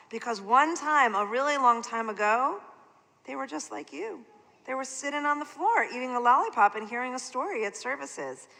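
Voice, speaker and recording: A woman leading a service talks to children in a playful, animated way. Her voice is bright and a little high. A long reverb from the large sanctuary hangs behind her. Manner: playful, animated, talking to kids. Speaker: service leader. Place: synagogue sanctuary.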